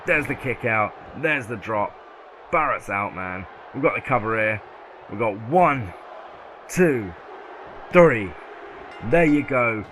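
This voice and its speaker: A man with a southern English accent doing play-by-play commentary over a video game, excitable and yelling at close calls. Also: medium pitch, a little hiss or hum. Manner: excitable, yells at near-falls.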